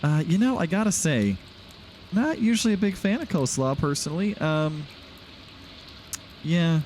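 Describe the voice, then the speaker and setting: A man's voice: a little high, lively intonation, moderate pace, darkish tone, a little hiss or hum. A man hosting a casual, rambling video game playthrough, chatting and laughing often as he plays at home. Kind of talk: casual gameplay commentary.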